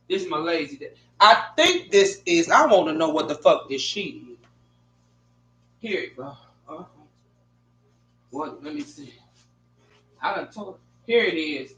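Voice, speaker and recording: A middle-aged woman telling a rambling, animated story to her viewers at home, with heavy swearing. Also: medium pitch. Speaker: vlogger. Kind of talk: casual profane storytelling to viewers. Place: bedroom at home. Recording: echoey room.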